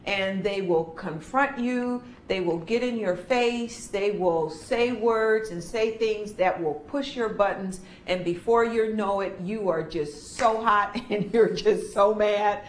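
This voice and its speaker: A woman's voice: mid-range voice, slow pace, few pauses. A woman leading a training workshop who talks through her stories and acts out the children's voices as she goes. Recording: echoey room with faint noise.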